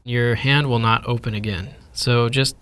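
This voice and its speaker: A man talking slowly and patiently as he teaches pronunciation. His voice sits at an ordinary pitch. He models each sound with careful, deliberate delivery. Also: fairly even intonation, fairly bright tone, clear, resonant tone. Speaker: language teacher. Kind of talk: pronunciation lesson.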